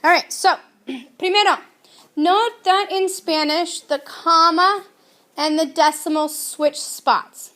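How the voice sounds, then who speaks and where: A woman teaching a grammar lesson, speaking clearly and deliberately and drilling her students to repeat words. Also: very high-pitched, fairly even intonation, sharp tone. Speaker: Spanish teacher.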